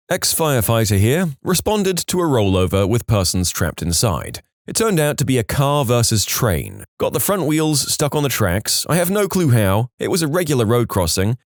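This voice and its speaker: A man reading funny medical stories aloud in a wry, lively storytelling manner, with quoted voices. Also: medium pitch, no room sound, studio quality. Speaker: narrator.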